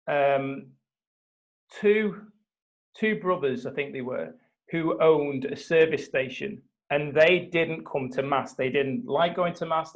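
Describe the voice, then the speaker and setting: A man hosting a live video call, retelling a story with lively acted-out quotes and a few restarts. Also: fairly high pitch, poor audio. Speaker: host of a mastermind call.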